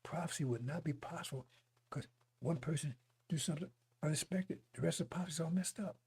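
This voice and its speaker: A man preaching a broadcast sermon in a fiery, mocking way, with a deeply husky, gravelly voice. His tone is dark and mellow, set a bit higher than most men, and he breaks into chuckles between points. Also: fast.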